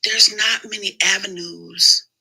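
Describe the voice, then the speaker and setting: A woman schoolteacher chats casually and turns everyday moments into animated stories. Her voice is very bright and lively. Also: mid-range voice, a little slow, vocal fry, husky, rough recording. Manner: animated, storytelling. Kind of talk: casual chat.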